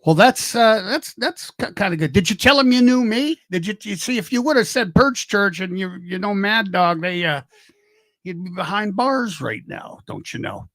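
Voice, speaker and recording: A man's voice: high-pitched, lively intonation, moderate pace, fairly bright tone, no echo. An older man hosting a casual livestream, rambling, joking and greeting viewers by name. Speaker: livestream host.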